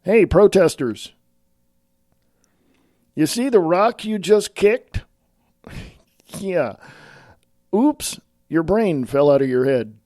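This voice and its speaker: A man's voice: high voice, animated, takes it slowly, long pauses, warm tone, dry recording, studio quality. A middle-aged man from California, giving a blunt, opinionated, casual political rant to the camera and calling his listeners "folks.". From California, USA. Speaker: online commentator.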